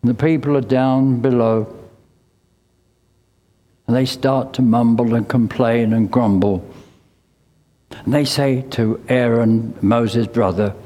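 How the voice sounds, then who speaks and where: Slow, mellow older male preacher in a hall. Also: mid-range voice, fairly even intonation. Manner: conversational storytelling with dry asides. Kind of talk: sermon. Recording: long hall reverb.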